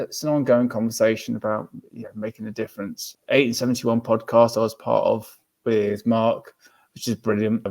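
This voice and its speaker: A man's voice: medium pitch, warm tone. A man with a mid-range voice speaks as a podcast guest. He is sincere and rambling, and circles back to the same phrases. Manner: heartfelt, rambling, repeats himself. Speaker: podcast guest, football fan. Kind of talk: casual podcast chat. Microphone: remote call.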